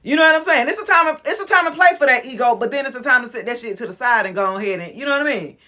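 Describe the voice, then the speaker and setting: Woman in her forties, motivational vlogger, frank, slangy, animated, laughs often. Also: high-pitched, very fast. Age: 40s. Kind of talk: casual motivational talk.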